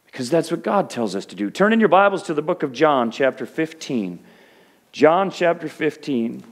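A man's voice: on the high side, lively intonation, normal speed. A middle-aged male pastor preaching a sermon in a conversational way that rises to fervent peaks.

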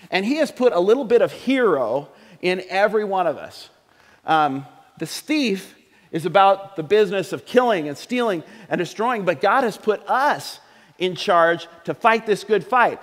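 A middle-aged man preaching a sermon in a church, talking conversationally and joking with the congregation. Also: high-pitched. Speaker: pastor. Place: church sanctuary. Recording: long hall reverb.

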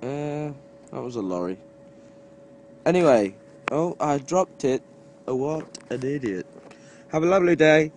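A man vlogging from his lorry cab before dawn, talking in a slow, drowsy, wry and grumbling way. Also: on the high side, expressive, darkish tone, slight background noise. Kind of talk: casual early-morning vlog. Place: inside a lorry cab at night.

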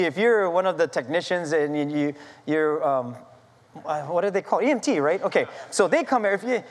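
A pastor preaching a sermon, telling an animated story with self-deprecating humor. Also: male voice, high voice, in a large hall. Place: church sanctuary.

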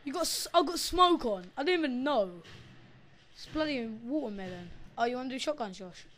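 Excitable woman shouting over gameplay. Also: high voice, brisk. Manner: excitable, swears, shouts at the game. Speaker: gamer recording her match. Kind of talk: live gameplay commentary.

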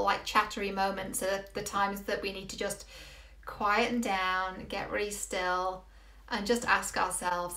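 A woman's voice: mid-range voice, sharp tone. A woman, coaching viewers earnestly and asking many rhetorical questions. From England. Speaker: relationship coach. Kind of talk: motivational video talk. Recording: roomy echo.

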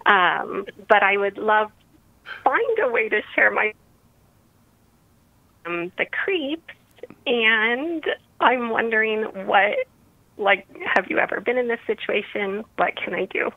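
A woman's voice: medium pitch, lively intonation, takes it slowly, pauses often, dry recording. Lady calling into radio, kinda hesitant, ums, tinny phone line sound. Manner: hesitant, with fillers. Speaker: caller. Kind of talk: call-in question. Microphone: telephone.

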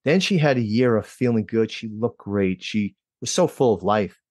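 A middle-aged man from New Jersey, a guest telling his own story in a lively way and acting out quoted dialogue with jumps in pitch. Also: normal speed, dry recording, clean studio sound. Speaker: interview guest. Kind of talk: personal storytelling.

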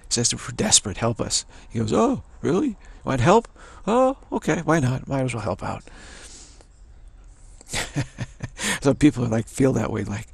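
A man's voice: lowish voice, creaky, husky. A man giving a casual spiritual talk, rambling, chuckling and repeating phrases. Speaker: spiritual teacher.

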